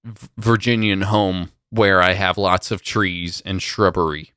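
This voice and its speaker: A man's voice: low voice, steady tone, unhurried, bright, forceful tone, clean tone, no room sound, clean studio sound. A young man co-hosting a casual morning talk show, musing aloud with hesitant, wondering remarks. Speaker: co-host. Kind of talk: casual chat.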